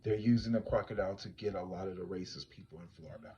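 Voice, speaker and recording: A man who is a psychic tarot reader, telling a story to his livestream viewers in a casual, animated way, swinging from hushed to loud. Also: deep voice, quick pace, muffled recording, a little hiss or hum.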